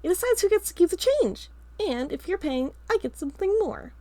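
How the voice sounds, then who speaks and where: Woman putting on a teasing little brother voice, high, dry audiobook read. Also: big pitch swings, fairly quick, mellow, dry recording. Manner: bouncy, teasing. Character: playful teasing younger boy.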